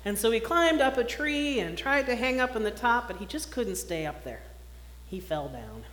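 In a church sanctuary, a woman minister with a fairly high voice, speaking at normal speed, reads a children's story aloud expressively and then gives plain announcements at a service. The roomy hall adds faint noise to the recording.

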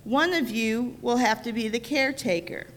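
A woman voicing a patient, fatherly male God in a folk tale, speaking in a measured, solemn way. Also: a little high, natural voice. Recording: reverberant church sanctuary.

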